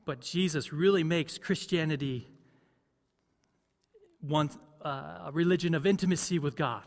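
Conversational pastor in an echoing church. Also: male voice, fairly high pitch, unhurried. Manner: conversational, asks the congregation questions. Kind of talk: sermon.

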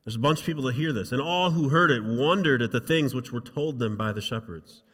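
A male pastor in mid-sermon, his medium-pitched voice trailing off into the long reverb of a large hall. He reads the scripture with rising force and then falls to soft, conversational asides. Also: brisk, breathy edge. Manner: dramatic reading, rising loud for quotes, dropping soft for asides. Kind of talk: sermon reading and commenting on scripture.

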